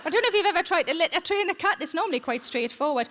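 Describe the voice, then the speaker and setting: A woman's voice: extremely high pitch, expressive, very fast, very noisy. A woman comedian, telling blunt, sweary stories in a live stand-up set. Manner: blunt, sweary, conversational storytelling. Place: theatre stage, live audience.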